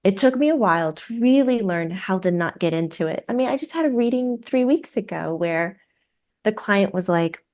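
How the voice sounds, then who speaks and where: A woman, a psychic medium who is a guest on a podcast, tells stories in a lively way and acts out the voices of the people in them. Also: mid-range voice, normal speed. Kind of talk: conversational storytelling.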